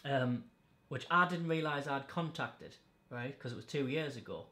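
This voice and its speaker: A man tells stories in blunt, heavily sweary casual chat. His voice sits at an ordinary middle pitch and carries the echo of a bare room. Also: normal speed, pushed and bright. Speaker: podcast host. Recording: echoey room.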